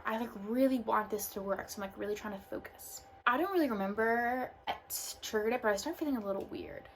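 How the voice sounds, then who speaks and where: A young woman telling a personal story in a casual vlog, full of "like" and loose asides. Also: medium pitch. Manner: casual, filler-heavy storytelling. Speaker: vlogger. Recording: faint background noise.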